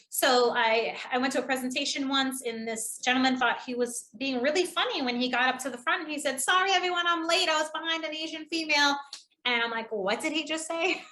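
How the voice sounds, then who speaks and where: A bright, fairly high-voiced woman from New England, with its accent, talking fast in a chatty training lesson. She shows off good and bad delivery by moving her pitch around. The sound is echoey, as if she is in a bare room. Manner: lively, demonstrates delivery with shifting pitch. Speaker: public speaking trainer. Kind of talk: online training presentation.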